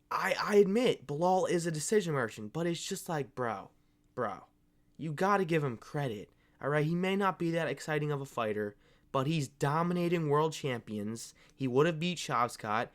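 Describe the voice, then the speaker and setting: A man rants about fighters in a loose, casual way, swearing freely and getting worked up as he rambles. His voice sits at an ordinary middle pitch for a man. He keeps tossing "bro" and "man" at his audience. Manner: profane, fired-up and rambling, calls viewers "bro". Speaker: MMA commentary channel host. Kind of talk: casual opinion rant.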